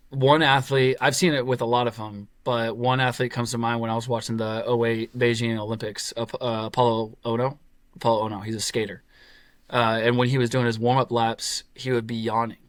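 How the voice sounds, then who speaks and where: A man's voice: mid-range voice, flat delivery, normal speed, no echo. A man in his twenties telling a story casually, with fillers and quoted voices. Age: 20s. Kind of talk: casual chat.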